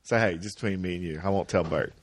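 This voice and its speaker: A man's voice: low-pitched, fast talker. Male podcast guest, faint hiss behind. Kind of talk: casual chat.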